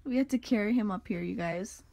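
A young woman vlogging at a horse campsite in a groggy morning voice, speaking softly and cooing to her horses, recorded on a handheld phone. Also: medium pitch, fairly quick, creaky, slight background noise. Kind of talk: casual vlog narration. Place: outdoors at a rainy horse campsite.

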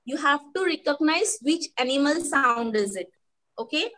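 A woman teaching young children an animal poem in Indian English, speaking in a slow sing-song way and imitating animal sounds. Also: high voice, expressive, sharp tone, slight background noise, low-quality recording. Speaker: primary school English teacher. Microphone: online lesson recording.

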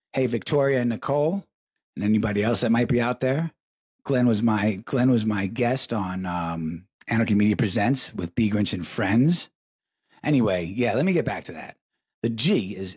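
A man's voice: fairly low pitch, a little mellow, slightly rough, dry recording, clean studio sound. A middle-aged man hosting a live show, telling crude stories in a profane, rambling way and repeating his words for emphasis, while stoned. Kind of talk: crude stream-of-consciousness storytelling.

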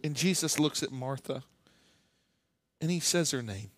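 A male pastor preaching a sermon with animated, humorous storytelling. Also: medium pitch, a little slow, pauses often, dry recording.

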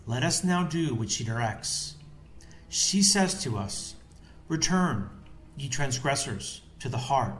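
Brief: solemn male reader of devotional texts, mid-pitched and measured, recorded in a roomy space. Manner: solemn, measured, reads Latin phrases aloud. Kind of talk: scripted devotional reading. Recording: echoey room with faint background hiss.

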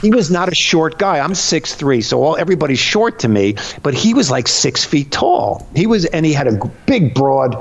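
A middle-aged man from Connecticut, a comedian guest telling a story with lively energy and frequent high laughter, talking from his home. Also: moderate pace, vocal fry, hardly any pauses, muffled recording. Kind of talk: animated comic storytelling.

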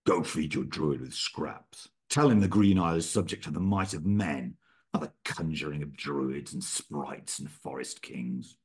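A ruthless old-world chieftain king from a read-aloud story, played by a man. He gives cold, commanding orders in a very deep voice that is husky and low. The delivery is measured and icy. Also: heavily acted.

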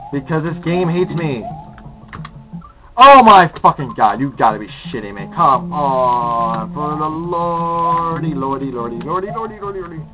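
A man commenting on his own gameplay, muttering, exasperated and cursing at his mistakes. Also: fairly high pitch. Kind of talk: frustrated let's play commentary. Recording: dull lo-fi capture with loud guitar music. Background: guitar music.

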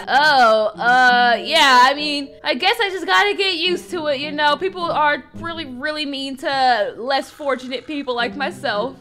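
A woman's voice: high-pitched, lively intonation, moderate pace, few pauses, sharp tone. A woman narrating a game role-play as the main character, chatty and dramatic. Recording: voice over background music.

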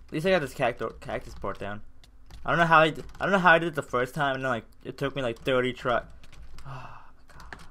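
A man's voice: medium pitch, expressive, fast, pushed and bright. A young man with a sore throat giving casual gameplay commentary, ranting and swearing in frustration as he keeps failing. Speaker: gaming channel host.

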